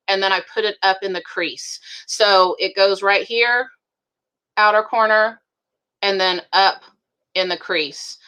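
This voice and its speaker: A woman's voice: medium pitch, sharp tone. A woman presenting makeup in a live demonstration, chatty and upbeat, calling viewers girlfriend. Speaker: beauty product presenter.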